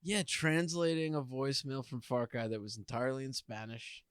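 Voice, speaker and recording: Regular-pitched guy on a comedy podcast, laughs a lot, reads out the call-in number, dry sound. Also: steady tone, normal speed, clear, resonant tone, no room sound. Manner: laughs readily, easygoing. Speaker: podcast co-host. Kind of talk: casual comedy banter.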